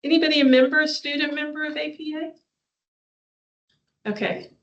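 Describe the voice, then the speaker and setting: A woman's voice: high voice, measured pace. A woman psychology professor talking to students in a classroom, chatty and conversational with small asides. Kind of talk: classroom presentation. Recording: dull lo-fi room recording.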